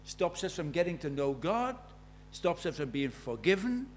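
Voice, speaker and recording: Emphatic preacher, fairly high voice. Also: male voice, sing-song, normal speed, slight background noise. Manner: emphatic, rhetorical questions, swings from loud to hushed. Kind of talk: sermon. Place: church.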